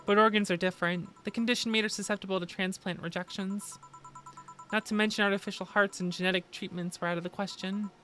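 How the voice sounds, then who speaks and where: A woman's voice: mid-range voice, steady tone, fast, fairly bright tone, soft background music, close to an everyday voice. Woman doing a tired sardonic bartender, blunt, cusses when annoyed. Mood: subdued. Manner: blunt, swears when upset.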